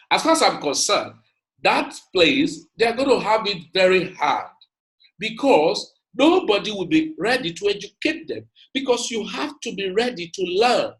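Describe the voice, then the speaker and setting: A man's voice: sits high, fairly bright tone, poor audio. A man giving an emphatic motivational lecture, repeating his points and calling out to his audience. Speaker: speaker.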